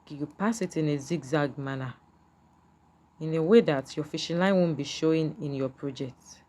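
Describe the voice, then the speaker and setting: Low-voiced woman teaching a beading craft. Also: moderate pace, warm tone. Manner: patient, repetitive, checks in with "can you see?". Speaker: beading tutor. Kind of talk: step-by-step craft tutorial.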